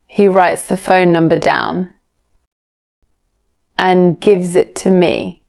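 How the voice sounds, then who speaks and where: A woman's voice: on the low side, fairly even intonation, slow, gravelly, pauses often, a little mellow. A woman narrating a graded storybook for English learners in a careful, evenly paced reading.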